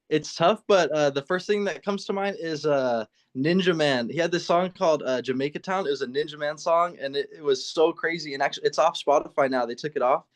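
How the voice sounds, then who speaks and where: Laid-back man on a video call. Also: on the high side. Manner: relaxed, laughs easily, many fillers and restarts. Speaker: guest musician, producer. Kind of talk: casual video-call chat.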